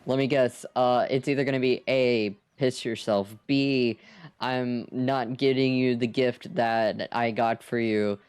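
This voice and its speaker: Slow, smooth-voiced playful streamer guy. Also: medium pitch, fairly even intonation, a little mellow, dry recording. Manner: playful and teasing, swears freely. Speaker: live streamer. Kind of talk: casual live stream chat while drawing.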